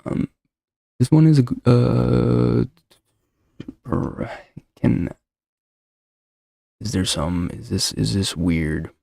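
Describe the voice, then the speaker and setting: A man's voice: mid-range voice, very slow, gravelly, pauses often, mellow, dry recording, clean studio sound. A man hosting his own show, chatting casually into a desk mic, rambling and joking as he goes. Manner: rambling, joking, talks over himself. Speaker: show host. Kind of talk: casual solo podcast chat. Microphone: desk mic with noise suppressor.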